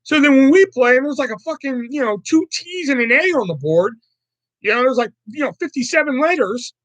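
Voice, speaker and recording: A man from Virginia hosts a casual livestream and tells rambling, profane stories. His voice sits high and swings up and down with animated energy, recorded dry and close. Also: a little fast, no room sound, low-quality recording. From Virginia, USA. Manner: reacting to live chat. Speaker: livestream host.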